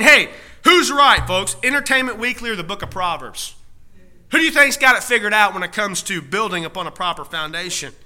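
A man's voice: high-pitched, sharp tone. A male pastor preaching a sermon, driving points home with rhetorical questions and repeated key phrases, stretching out punch words.

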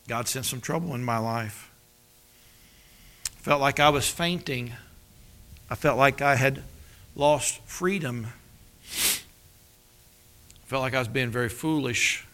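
Gravelly, bright-voiced preacher man. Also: a little high. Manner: storytelling, acts out dialogue with dramatic drops to a hush. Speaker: pastor. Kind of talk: sermon with personal testimony.

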